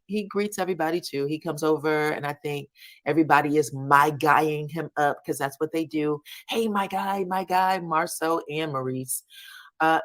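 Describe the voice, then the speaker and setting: Woman, low pitch, casual commentary, animated, colloquial, reality TV recap. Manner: animated, colloquial storytelling that acts out the people she quotes.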